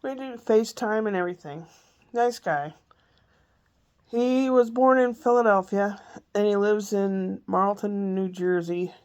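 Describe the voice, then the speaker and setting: A woman's voice: mid-range voice, measured pace, darkish tone, lo-fi sound. A woman vlogging from home in a meandering, chatty way, a little congested with a lingering cough. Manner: chatty, meandering, self-interrupting. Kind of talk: rambling casual chat.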